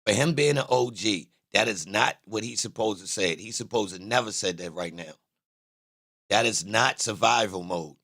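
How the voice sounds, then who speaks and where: A man's voice: fairly low pitch, normal speed, fairly bright tone, no echo, studio quality. A man giving a heated, profane reaction to a clip, blunt and emphatic, often repeating his phrases.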